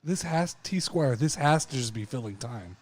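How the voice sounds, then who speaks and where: A man co-hosting a casual podcast, jokey and animated while reacting to wrestling. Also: mid-range voice, normal speed. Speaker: podcast co-host. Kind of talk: casual chat watching wrestling.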